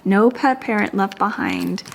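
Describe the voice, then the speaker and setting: A young woman artist vlogging as she opens fan mail, gushing and breaking into high excited exclamations. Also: a little slow, creaky, a little hiss or hum. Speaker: small business artist and vlogger. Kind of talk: casual vlog voice-over, opening fan mail.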